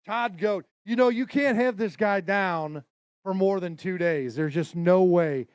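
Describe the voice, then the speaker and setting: High-voiced joking weigh-in emcee man. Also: measured pace, smooth, dry recording. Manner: energetic, joking, calls out weights to a crowd. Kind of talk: live event announcing.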